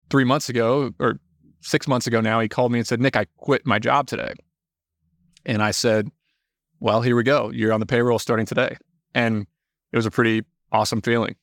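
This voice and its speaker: A young adult man, a podcast guest, telling animated stories in casual talk, swearing freely and acting out quotes. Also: mid-range voice, no echo, clean studio sound. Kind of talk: casual storytelling.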